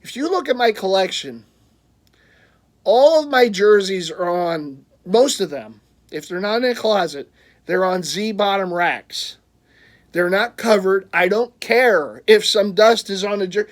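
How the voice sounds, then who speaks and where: A man telling a story in a casual vlog, rambling, stumbling over his words, laughing often and getting loud when frustrated. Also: high voice, lively intonation, a little slow. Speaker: vlogger, jersey collector.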